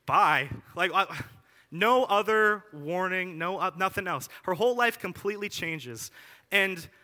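Young male preacher, fairly high and forceful voice, talky and animated, casual sermon delivery, long hall reverb. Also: a little slow. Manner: animated, chatty, lots of asides and filler words.

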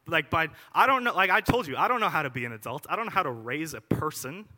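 Bright-voiced young preacher in a reverberant hall. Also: male voice, a little high, fast talker. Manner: animated, chatty, lots of asides and filler words. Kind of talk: casual conversational sermon.

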